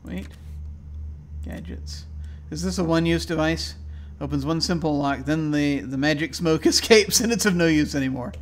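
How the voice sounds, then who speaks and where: A man plays through a video game and chats about what he sees, often trailing into quiet, mumbled asides. His voice sits a little higher than most men's. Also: normal speed. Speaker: gameplay commentator. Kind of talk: casual let's play commentary.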